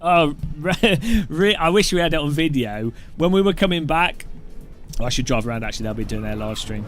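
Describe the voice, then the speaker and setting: A British man giving casual, joking commentary while sim racing, rambling into funny anecdotes. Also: medium pitch.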